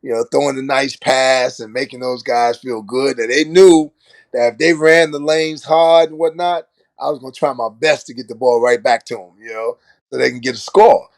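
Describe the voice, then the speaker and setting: An older man from Brooklyn, a former basketball player and coach, tells stories in a relaxed interview. He acts out the voices of the people in his stories and laughs often. His voice sits at an ordinary middle pitch and sounds close and dry, with no room echo. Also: normal speed. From Brooklyn, New York. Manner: animated storyteller who acts out quoted lines and laughs often. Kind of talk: casual interview storytelling.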